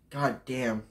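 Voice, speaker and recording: A man's voice: medium pitch, fairly bright tone. Profane, exasperated teenage boy ranting. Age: teens. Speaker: vlogger ranking pet peeves. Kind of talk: casual rant to camera.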